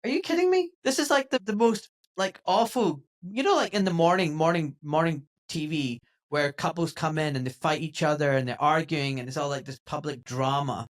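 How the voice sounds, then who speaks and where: An emphatic man hosting a casual podcast conversation. He talks with conviction and gets lively when he imitates other people's voices. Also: a little high, normal speed, hardly any pauses. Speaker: podcast host.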